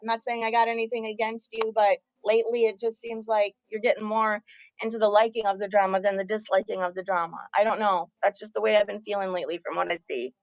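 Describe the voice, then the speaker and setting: A woman's voice: mid-range voice, flat delivery, fast talker, no room sound, highs cut off. A woman ranting angrily and profanely on her livestream, confronting her viewers head-on. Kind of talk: angry livestream rant.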